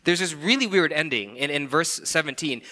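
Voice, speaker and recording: A male pastor delivering a sermon in a very bright, forceful voice. He speaks with emphasis, asks the listeners rhetorical questions, and keeps checking in with "okay" and "right.". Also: fairly high pitch, animated, fairly quick.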